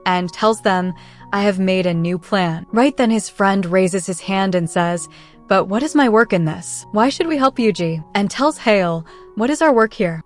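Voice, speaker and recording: A woman narrating a drama recap, retelling the plot in a plain, steady way and reading the characters' lines lightly. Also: mid-range voice. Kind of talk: scripted narration.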